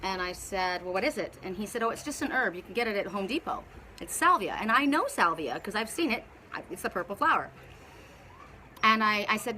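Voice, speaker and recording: A woman's voice: mid-range voice, animated, a little fast, pushed and bright, a little hiss or hum. A woman spiritual teacher talking casually on a live video, telling a story in a rambling way with many restarts. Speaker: spiritual teacher and oracle reader.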